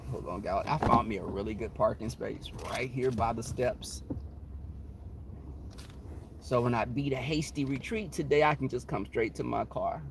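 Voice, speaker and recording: With a medium-pitched voice and some vocal fry, a man vlogs from his car at a moderate pace, spinning dramatic, sassy, animated tales about work. There's slight background noise.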